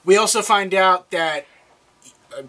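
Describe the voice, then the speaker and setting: A young man chatting casually on a podcast, with a bright, forceful tone. He recaps a show loosely and jokingly and keeps cutting in over his co-host. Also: high voice, measured pace, low-quality recording. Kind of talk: casual chat recapping a TV episode.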